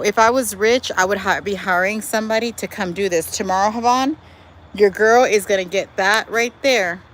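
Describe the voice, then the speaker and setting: A woman hosting a casual live stream outdoors in her backyard, talking to viewers in a lively, chatty way and calling them y'all. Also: mid-range voice, low-quality recording. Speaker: livestream host. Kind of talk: casual live chat reading viewer comments. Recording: faint outdoor noise with traffic.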